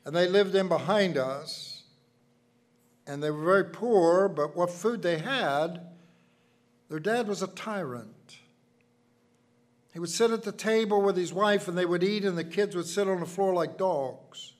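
An older man preaching a sermon, telling folksy personal stories and swinging from loud emphasis to hushed asides. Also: high voice, a little slow.

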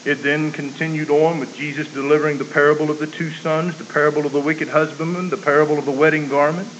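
A man preaching a sermon, emphatic, moving between loud declaiming and quiet earnest appeals. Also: on the high side, flat delivery, fast talker, hardly any pauses. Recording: muffled, hissy recording.

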